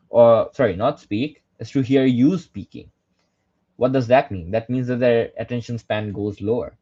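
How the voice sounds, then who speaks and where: A man's voice: medium pitch, darkish tone. A young man with a Bangladeshi accent giving a public speaking workshop lecture. He asks rhetorical questions, answers them himself, tags lines with "right?" and slips in Bengali phrases. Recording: dull lo-fi recording.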